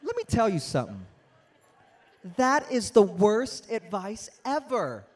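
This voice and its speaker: Energetic young man giving a motivational talk. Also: sits high, unhurried. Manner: animated, interactive, storytelling with acted-out quotes. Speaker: motivational speaker. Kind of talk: energetic motivational speech to a youth audience.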